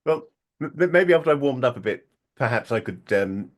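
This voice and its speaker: A man's voice: medium pitch, animated, fairly quick, natural voice. A man voicing a polite, self-deprecating male adventurer who is cold and asking to share a fire in a tabletop game.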